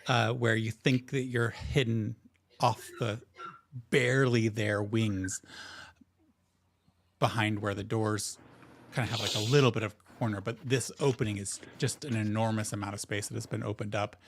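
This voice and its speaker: A man's voice: fairly low pitch, fairly even intonation, normal speed, a little hiss or hum. A man narrating as game master of a tabletop role-playing game, describing scenes in a rambling, improvised way with many fillers.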